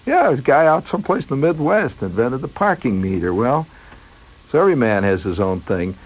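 A man's voice: medium pitch, very animated, a little fast, slight background noise, poor audio. A man telling a rambling, wry story in a monologue, digressing often and chuckling as he goes.

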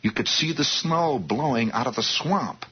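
Husky, animated storyteller man. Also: medium pitch, moderate pace. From Indiana, US. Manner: rambling, animated, with restarts and asides to listeners. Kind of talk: storytelling monologue. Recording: dull lo-fi recording.

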